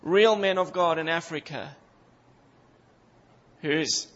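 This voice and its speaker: A high-pitched man preaching with fervent emphasis, building through repeated phrases. His voice rings out with a long reverb tail, as in a large hall, and the recording sounds somewhat dull and muffled. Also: slow pace, fairly bright tone. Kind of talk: sermon.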